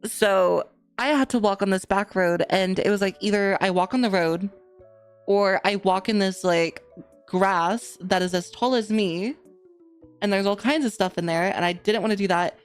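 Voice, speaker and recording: Young woman, podcast co-host, rambling casual storyteller, mid-range pitch. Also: moderate pace, clear, resonant tone, faint music behind. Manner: rambling, many "like" fillers.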